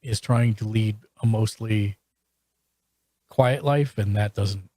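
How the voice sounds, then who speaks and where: A man's voice: lowish voice, mellow, dry recording. A man hosting a podcast, chatting casually and reviewing shows, with frequent restarts and fillers. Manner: halting, full of restarts and fillers. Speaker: podcast host.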